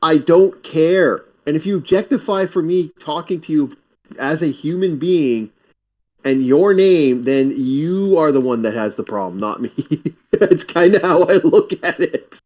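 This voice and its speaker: A man's voice: fairly high pitch, lively intonation, measured pace, a little mellow, highs cut off. A man streaming, chatting casually and telling stories bluntly, swearing freely. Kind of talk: casual chat, storytelling.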